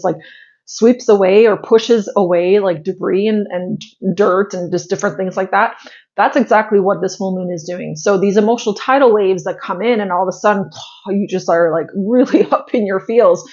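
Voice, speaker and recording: A woman's voice: medium pitch, darkish tone, lo-fi sound. A woman in her thirties hosting a spiritual astrology channel, giving viewers a casual, heartfelt pep talk full of "like" fillers and the odd blunt swear.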